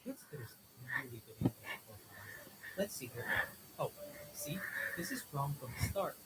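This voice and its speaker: A man's voice: on the high side, big pitch swings, normal speed. A man doing a casual reaction commentary, translating and explaining, who gets worked up and swears as he talks. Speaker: video commentator. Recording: mic from far off, loud noise behind.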